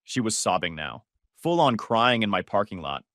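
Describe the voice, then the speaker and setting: A man narrating a first-person story in a flat, cold, detached way. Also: on the low side, moderate pace, no echo, clean studio sound.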